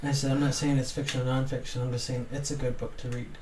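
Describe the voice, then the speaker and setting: A young adult man telling a story in casual chat, animated and laughing often as he acts out what people said. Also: medium pitch, fast talker. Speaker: podcast co-host. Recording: roomy, distant mic with faint noise.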